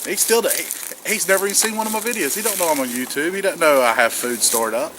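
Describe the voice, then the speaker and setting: Fast-talking, with a voice on the high side, a South Carolina prepper vlogger rambles outdoors in wet woods. His casual monologue is earnest, full of repeated words and restarts. Outdoor ambience and a distant aircraft come through the noisy camera audio.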